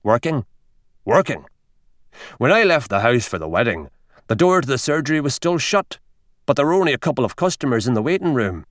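A man voicing a gruff, burly older country doctor who growls and blusters, in an audiobook reading. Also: mid-range voice, big pitch swings, fast, no echo, studio quality, lightly acted.

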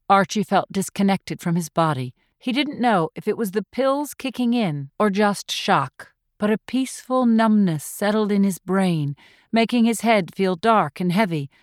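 Woman narrator, audiobook thriller, measured tense reading, mid-pitched voice, dry close recording. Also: expressive, dry recording.

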